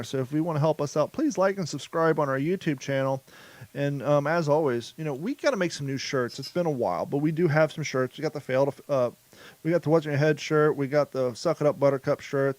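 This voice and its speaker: A man's voice: a little high, dry recording. A man hosting a casual podcast, rambling loosely and swearing freely as he chats. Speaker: podcast host.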